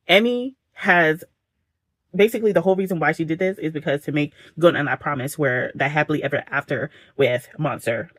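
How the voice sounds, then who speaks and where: A woman's voice: sits low, no echo. A woman recapping a book for her vlog in a casual, dramatic way, peppering the story with slang asides, at home late at night. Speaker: book vlogger.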